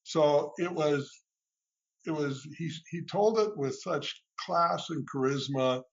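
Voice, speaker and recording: A man's voice: a little high, slow pace, slightly rough. A man who is a guest on a casual radio conversation, telling stories with frequent restarts and fillers, heard on a slightly muffled radio recording.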